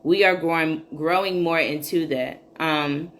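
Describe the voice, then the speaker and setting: Low-voiced woman chatting on a podcast. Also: a little slow, a bit bright. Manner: chatty and candid, frequent um fillers. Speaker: podcast host. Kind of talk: casual solo parenting podcast talk.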